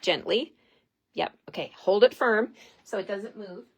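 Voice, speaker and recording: A woman's voice: mid-range voice, unhurried, husky. A woman giving a casual, chatty card-stamping tutorial, talking to her viewers as she works. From Canada. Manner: chatty and giggly, talks to viewers while working. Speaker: stamping demonstrator.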